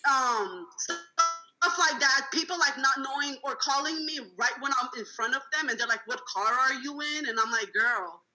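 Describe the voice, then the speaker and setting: A woman's voice: high-pitched, moderate pace, bright, forceful tone, soft background music, rough recording. A woman in her twenties, a rideshare driver from California, telling blunt, profane stories in a casual roundtable chat. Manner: blunt, swears freely, acts out passengers with laughs.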